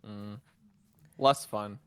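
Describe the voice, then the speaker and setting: A man co-hosting a casual podcast over a voice call, easygoing and quick to laugh. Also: on the low side, fairly even intonation, a bit bright, smooth. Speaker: podcast co-host. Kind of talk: casual chat. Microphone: remote call mic.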